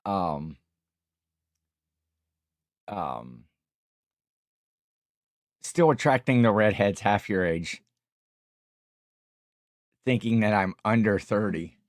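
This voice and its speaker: A man's voice: on the low side, expressive, extremely slow, pauses often, no echo, clean studio sound. A tired middle-aged man hosting a casual livestream, chatting and reading viewer comments in a rambling, jokey way. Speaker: livestream host.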